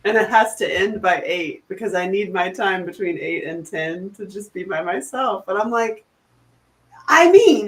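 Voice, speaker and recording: A middle-aged woman chatting casually, telling animated stories and laughing often. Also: mid-range voice, unhurried. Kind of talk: casual chat.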